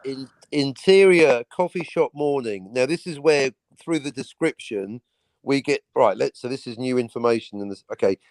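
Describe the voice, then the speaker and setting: A man's voice: medium pitch, moderate pace, a little mellow, no echo. A man hosting a casual livestream, reading a screenplay aloud with frequent asides. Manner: reads aloud with asides and fillers like "all right". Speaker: livestream host.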